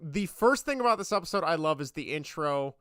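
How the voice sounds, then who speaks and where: An enthusiastic male podcast co-host with a bright, crisp voice that is smooth and clean. He repeats himself and rushes ahead in quick bursts, recorded close and dry. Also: fairly high pitch, lively intonation, no echo. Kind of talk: casual chat.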